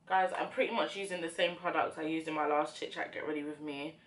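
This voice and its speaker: Low-voiced young woman chatting reflectively. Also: fairly even intonation, quick pace, slight background noise. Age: young adult. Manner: reflective, rambling, many fillers. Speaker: beauty vlogger. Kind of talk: casual chat while doing makeup.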